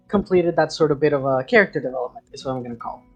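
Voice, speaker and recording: A man's voice: fairly high pitch, expressive, quick pace. Hesitant male game master, faint music behind. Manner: hesitant, filler-heavy recap. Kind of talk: recapping a tabletop game session.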